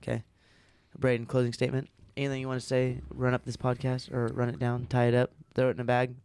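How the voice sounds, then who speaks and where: A man's voice: mid-range voice, monotone, fast, darkish tone, smooth. A man hosting a casual podcast chat, loose and profane, joking around with guests. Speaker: podcast host.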